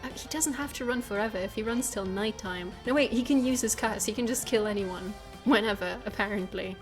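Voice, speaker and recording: A woman's voice: mid-range voice, fairly quick, faint music behind. A woman streaming a game, chatting casually, laughing and swearing as she plays. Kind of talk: let's play commentary.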